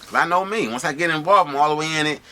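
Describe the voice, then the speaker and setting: A middle-aged man from Michigan telling prison stories in an animated, slangy way, often checking in with his listeners. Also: a little high, racing, slight background noise. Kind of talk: casual storytelling to camera.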